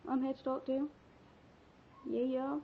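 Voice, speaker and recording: A woman's voice: sits high, level tone, a little slow, gravelly, a little hiss or hum. A sixteen-year-old girl from England telling a personal story in a casual, chatty, giggly vlog, rambling with fillers. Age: teens. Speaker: vlogger. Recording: dull lo-fi webcam audio.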